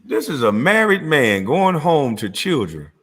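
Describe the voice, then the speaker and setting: A man's voice: on the high side, sing-song, a little slow, slightly rough. A man hosting his own channel, cursing and mocking as he reacts to clips. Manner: mocking, cursing, laughing loudly. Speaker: commentary channel host. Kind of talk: profane reaction rant.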